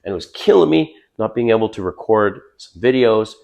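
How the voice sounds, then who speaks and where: An older man with a raspy, hoarse voice after being sick, giving blunt, chatty dating advice straight to the viewer and calling him bro. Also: lowish voice, expressive, fairly quick, a little mellow. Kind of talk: casual to-camera advice talk.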